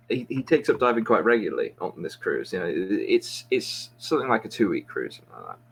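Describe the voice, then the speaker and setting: A man's voice: medium pitch, creaky, poor audio. A man tells a long joke among friends, wandering off track and chuckling at his own story. His voice sits in a middle register. A faint hiss runs underneath. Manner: meandering, self-interrupting, chuckles at own joke. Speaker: quiz show host.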